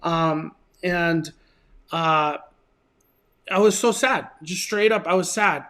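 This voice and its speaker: A man with a notably high speaking voice hosts his own channel. He tells his story in a casual, earnest and emotional way, often restarting his sentences. He is from Southern California. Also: takes it slowly, fairly bright tone. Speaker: channel host.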